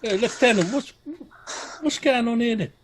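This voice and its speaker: A man voicing a big, brash, burly fellow who is taken for a troll and talks in rough slang. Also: extremely high pitch, normal speed, slight background noise. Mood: jovial.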